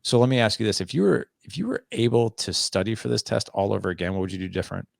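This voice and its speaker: A man in his forties, a podcast guest who coaches fathers, telling stories in a lively way and acting out both sides of a talk. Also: fairly low pitch, fast, creaky, no echo, clean studio sound. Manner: animated, acts out both sides of dialogues. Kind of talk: conversational interview storytelling.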